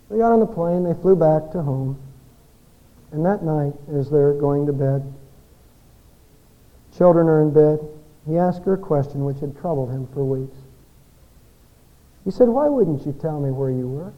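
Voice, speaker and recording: Pastor, male, high tenor, dynamic sermon delivery that rises and falls, slightly lo-fi recording. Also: animated, normal speed, pauses often. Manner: dynamic preaching, swinging between loud peaks and hushed endings. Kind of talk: Christmas sermon with storytelling.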